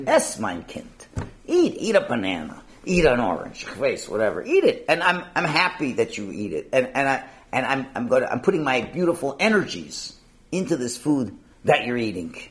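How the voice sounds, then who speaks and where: A man's voice: medium pitch, huge pitch swings, normal speed. Fatherly God, as a man puts him on, coaxing and doting, voice jumping around.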